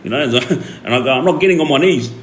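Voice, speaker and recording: An older man telling a story casually on a livestream, acting out the shouting of the people in it with lively jumps in his voice. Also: a little high, fast. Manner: animated retelling, acts out the police shouting. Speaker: streamer. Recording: echoey room with faint ambient noise.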